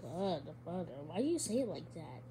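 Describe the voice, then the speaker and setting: A woman's voice: fairly low pitch, very animated, brisk, mellow. A woman giving casual, chatty let's-play commentary, giggling and talking back to a game character. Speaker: gamer.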